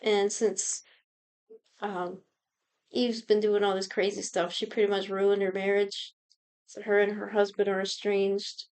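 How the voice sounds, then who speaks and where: A young woman co-hosting a podcast, casually retelling a TV plot in an animated, profane way. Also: mid-range voice, a little slow, clear, resonant tone. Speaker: podcast co-host recapping a show. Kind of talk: casual chat.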